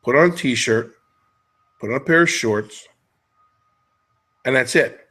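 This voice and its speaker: A man's voice: mid-range voice, slow pace, fairly bright tone, husky. A middle-aged man hosting a podcast, chatting casually and jokily as he wanders off on tangents. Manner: rambling, jokey, jumps between tangents. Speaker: podcast host.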